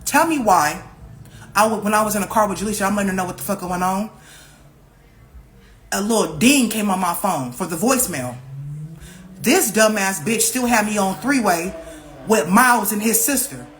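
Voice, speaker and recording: Young woman, casual storytime vlog, profane, repetitive, animated, mid-pitched voice. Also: normal speed, pauses often, a little hiss or hum. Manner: animated, profane, repeats herself, acts out other people's lines. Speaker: vlogger.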